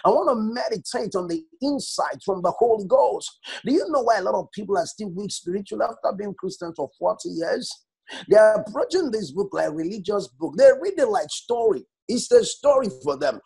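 Male pastor preaching, high voice, husky tone, emphatic repeated phrases. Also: animated, brisk, a little mellow. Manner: speaks in tongues briefly. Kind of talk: sermon.

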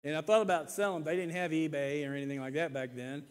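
A man in his sixties preaches with a high voice, earnest and given to repeating himself. He swings from loud emphasis down to quiet asides. His words ring with a long church-hall echo. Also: fairly even intonation, fast talker. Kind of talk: sermon.

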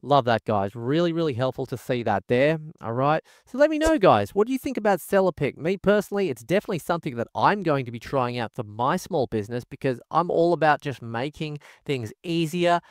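A man with a fairly high, very animated voice talks a little fast with few pauses, giving an enthusiastic screen-recorded product walkthrough as a tech reviewer. Nearly every sentence includes "guys" or "folks," and the sound is clean studio audio without echo.

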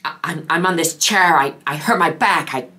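A woman putting on a bubbly, breathy voice of a ditzy middle-aged woman who stammers and trails off. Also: sits low, moderate pace, pushed and bright, voice pushed up. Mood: dazed.

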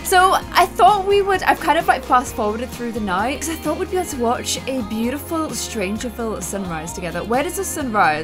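A bubbly young woman from the United Kingdom talks through her game in a lively, high voice that swings up and down as she goes. She thinks out loud, chatty and playful, with faint music under her. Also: normal speed. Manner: bubbly, chatty, thinks aloud with excited squeals. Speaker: gaming video host. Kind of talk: casual let's-play commentary.

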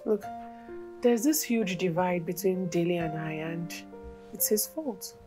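A woman's voice: fairly low pitch, measured pace, over music, natural voice. An actress playing a weary, strict middle-aged mother with a Nigerian accent who speaks firmly and sighs often. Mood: troubled. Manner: firm and tired, with sighs.

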